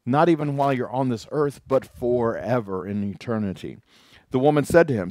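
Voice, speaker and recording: A man's voice: medium pitch, normal speed, darkish tone, no room sound, studio quality. A man, a pastor, preaching a casual sermon, retelling scripture in everyday words with voiced asides.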